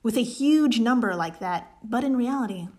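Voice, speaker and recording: On a laid-back podcast, this co-host walks through a science problem one step at a time, mixing in jokes as she goes. She speaks at normal speed in a slightly high, expressive voice with a bit of mellowness.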